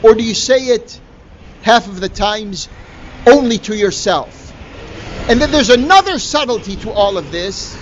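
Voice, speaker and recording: Man, high register, emphatic religious lecturer; dull lo-fi recording. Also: lively intonation, a little slow, slight background noise. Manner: emphatic, rhetorical questions. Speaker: Islamic lecturer.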